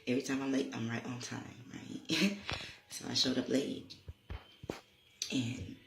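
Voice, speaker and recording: A man's voice: mid-range voice, steady tone, measured pace, vocal fry, echoey room, background noise. A man telling a personal story in a rambling, conversational way, often saying "you know" and "like" and laughing as he goes. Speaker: holistic healer vlogger.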